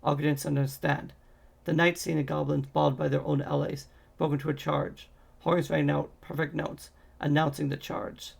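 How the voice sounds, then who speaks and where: A man reading a fantasy novel aloud in a steady way, with occasional slips and restarts. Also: a little high, normal speed, vocal fry, slightly rough. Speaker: audiobook reader.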